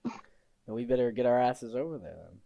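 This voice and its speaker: A man's voice: mid-range voice, expressive, normal speed, vocal fry, warm tone, lo-fi sound. A man playing a tabletop role-playing game who talks in a casual, joking way. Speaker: player.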